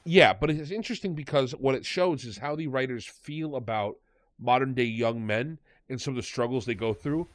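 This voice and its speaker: Man, podcast host, casual review chat, rambling, sarcastic, medium pitch, dry close sound. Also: normal speed, no echo.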